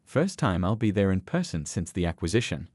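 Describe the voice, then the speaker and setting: A man reading the lines of a composed male company chief in a story, measured and level. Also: low voice, big pitch swings, a little mellow, no room sound.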